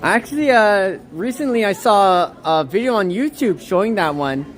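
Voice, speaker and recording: A woman livestreaming as she walks outdoors, reading chat aloud in an excitable, gushing, rambling way. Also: medium pitch, moderate pace, a little hiss or hum. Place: outdoors on a snowy town walk.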